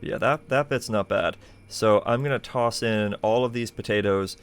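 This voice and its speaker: A man's voice: lowish voice, normal speed, clean tone. A man streaming a game live, thinking aloud in a chatty way with plenty of fillers. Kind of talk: casual live gameplay commentary.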